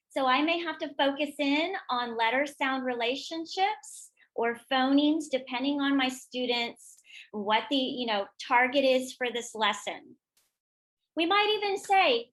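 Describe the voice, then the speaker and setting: High-voiced woman explaining classroom routines. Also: fairly bright tone. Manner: models classroom chants and call-outs with bursts of energy. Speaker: teacher trainer. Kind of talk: professional development talk.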